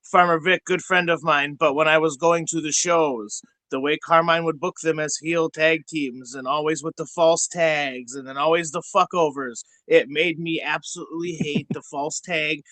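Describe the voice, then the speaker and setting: A man's voice: a little high, steady tone, moderate pace, few pauses, pushed and bright, dry recording. A man hosting a podcast, chatting casually in a profane, jokey manner and chiming in often. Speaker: podcast host. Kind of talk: casual interview chat.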